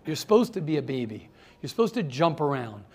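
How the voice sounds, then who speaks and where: A man with a fairly high pitch, a rabbi running a seminar, talks fairly quickly to a small group. He motivates them with animated stories, calling on listeners by name and repeating words for emphasis.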